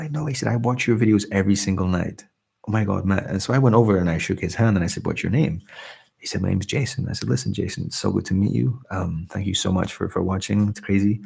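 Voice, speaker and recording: A man born in England and raised in Scotland, hosting a late-night ASMR live stream, speaking softly and humbly as he reads out viewer comments. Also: deep voice, gravelly, breathy edge. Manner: soft, warm and humble, often trailing off. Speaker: ASMR channel host. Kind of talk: soft-spoken live stream chat, reading comments.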